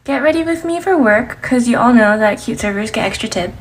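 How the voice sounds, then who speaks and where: A woman talks her way through a get-ready-with-me vlog. Her voice is slightly high, and she has a chatty, gossipy manner. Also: lively intonation, brisk. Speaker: restaurant server.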